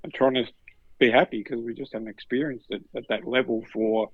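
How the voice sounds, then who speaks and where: Middle-aged Australian man, animated storyteller who does the other people's voices, dead dry and a bit muffled. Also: medium pitch, a little fast, breathy edge, dry recording. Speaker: podcast guest. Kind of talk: casual storytelling.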